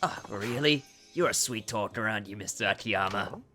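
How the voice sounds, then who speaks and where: A man's voice: fairly low pitch, moderate pace, sharp tone, faint music behind, voice pushed down. A man doing a coy young hostess with a mock accent. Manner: put-on mock Chinese accent.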